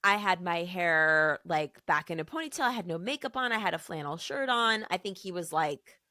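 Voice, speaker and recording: A podcast co-host with a fairly low voice tells a story at normal speed in casual chat, animatedly acting out the voices of the people involved. The sound is dry and studio-clean.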